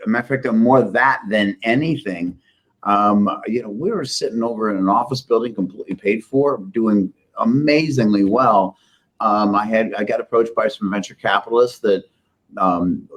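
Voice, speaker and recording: A man's voice: on the low side, breathy edge. A middle-aged man, a company CEO, telling rambling, self-deprecating business stories in a casual interview. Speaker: software company CEO, guest.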